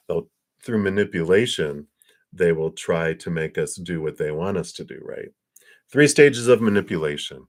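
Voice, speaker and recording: A man giving a casual spiritual talk on a livestream, animated and acting out quotes between chuckles. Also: deep voice, moderate pace. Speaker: spiritual reader.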